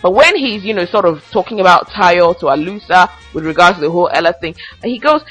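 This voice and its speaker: Sassy, bright-voiced woman podcast host. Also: lowish voice, a little fast, hardly any pauses, husky, faint music behind, low-quality recording. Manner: sassy, animated ranting with asides. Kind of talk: casual commentary podcast.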